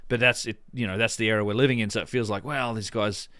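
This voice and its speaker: Low-voiced man hosting a podcast. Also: steady tone, fast, bright, forceful tone, clear, resonant tone, no echo, clean studio sound. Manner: rambling, with many restarts and fillers. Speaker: podcast host. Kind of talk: casual podcast chat.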